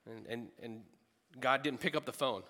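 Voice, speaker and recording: A man's voice: medium pitch, normal speed, bright, forceful tone, big-room sound. A man preaching a sermon in a large room, earnest and emphatic, repeating phrases for stress.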